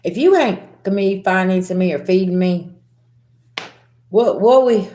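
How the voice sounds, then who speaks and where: A woman's voice: mid-range voice, moderate pace, mellow, reverberant. A woman giving a casual tarot reading to her viewers, talking bluntly with sass, slang and swearing. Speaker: tarot reader.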